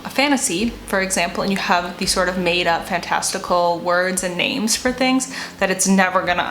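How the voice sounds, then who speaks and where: A woman's voice: medium pitch, fairly bright tone, echoey room, a little hiss or hum, low-quality recording. Rambling, chatty woman vlogger. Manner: rambling, self-deprecating, laughs often. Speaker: writer and vlogger. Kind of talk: casual chat to camera.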